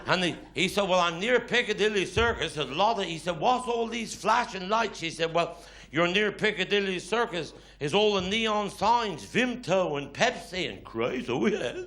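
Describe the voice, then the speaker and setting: A man's voice: high voice, animated, normal speed, a bit bright. A Cornish man performing live stand-up comedy, telling dialect stories with grumbling quoted voices. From Cornwall. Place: live stage before an audience. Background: audience laughter.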